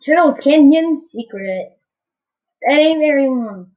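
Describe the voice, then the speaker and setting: Goofy, slow-talking woman gaming commentator. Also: high-pitched, expressive, dark tone, dull audio. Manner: goofy, rambling, stumbling over words. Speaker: gameplay commentator. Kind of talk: casual gameplay commentary.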